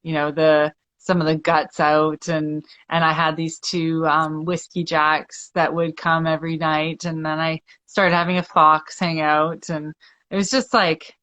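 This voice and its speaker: A woman's voice: low-pitched, flat delivery, unhurried, fairly bright tone, dry recording. A woman co-hosting a casual chat, asking long, meandering questions and agreeing often. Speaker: co-host.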